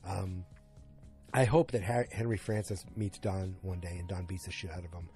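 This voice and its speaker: A podcast host with a deep, darkish voice recaps a TV episode at a brisk clip, sounding casual, rambling and enthusiastic. Soft music plays in the background.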